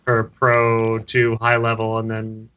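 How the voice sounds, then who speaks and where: A man's voice: fairly low pitch, completely flat delivery, takes it slowly, smooth, highs cut off. A man hosting a podcast, talking bluntly and casually and swearing now and then. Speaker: podcast host.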